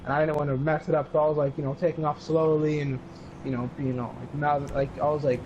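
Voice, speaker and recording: A man's voice: fairly high pitch, little pitch movement, fast talker, highs cut off, noisy background. Rambling, foul-mouthed teenage boy. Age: teens. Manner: rambling, profane, quotes others in raised voices. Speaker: storyteller. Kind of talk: casual chat.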